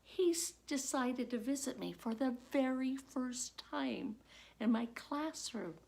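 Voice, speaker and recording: A middle-aged woman, a former teacher, recounts a personal story in a slow, gravelly voice pitched a little high. She builds her telling vividly, letting it swell into loud, animated bursts. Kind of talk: told personal story at a contest.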